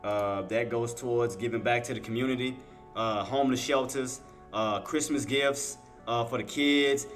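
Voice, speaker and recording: A man runs a live day-trading stream, commentating on the market for his chat with emphasis and plenty of repetition. His medium-pitched voice stays steady at a normal pace over faint music, though he becomes emotional and tearful when thanking viewers.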